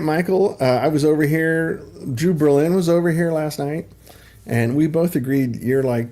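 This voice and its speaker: Man, middle-aged, livestream host, casual rambling chat, lots of ums, warm dark tone. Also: medium pitch. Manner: rambling, chatty, many ums and asides.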